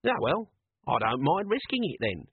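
A man doing a cowardly older sergeant, slightly raised in pitch, whose worried words tumble out in a rambling, common way. The voice is husky and tinny, as if over a phone. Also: very animated, moderate pace, dry recording, full character voice. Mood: anxious. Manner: anxious, rambling, common-sounding. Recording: dry, tinny phone-like sound.

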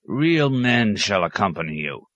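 A man voicing a proud, gruff nomad clan chief who speaks bluntly. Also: big pitch swings, unhurried, a bit bright, no echo, muffled recording, heavily acted. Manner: rumbling, blunt.

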